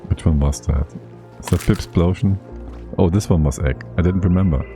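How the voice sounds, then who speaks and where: A man with a very low, dark voice chats his way through a game on a livestream. He thinks out loud and laughs a lot, with faint music playing behind him. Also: moderate pace. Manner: chatty, thinks aloud, laughs often. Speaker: streamer. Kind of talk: casual livestream gameplay commentary.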